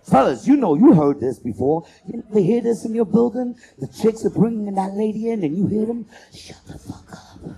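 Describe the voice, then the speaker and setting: A man doing a loud, profane stand-up comedy set as host, working the crowd and acting out bits. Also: sits high, creaky, husky. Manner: loud, profane, animated crowd work with acted-out voices.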